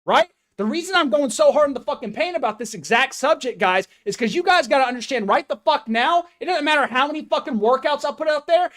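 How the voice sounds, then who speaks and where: High-voiced man on a blunt, profane rant. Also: fairly bright tone. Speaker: fitness coach. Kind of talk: motivational rant to camera.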